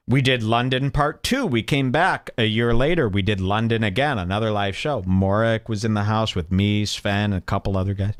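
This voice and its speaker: A man's voice: fairly low pitch, no echo. A male podcast host telling a story in a casual, mocking way, often jumping into quoted voices.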